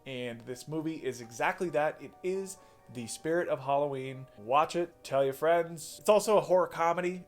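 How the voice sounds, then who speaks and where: A man casually reviewing horror movies, rambling, swearing and correcting himself as he goes. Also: on the high side. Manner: rambling, profane, self-correcting.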